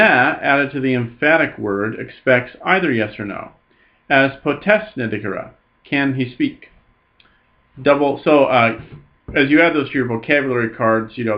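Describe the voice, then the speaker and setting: A man teaching a recorded Latin lesson, patiently reading each phrase slowly and then explaining it. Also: medium pitch, dull audio.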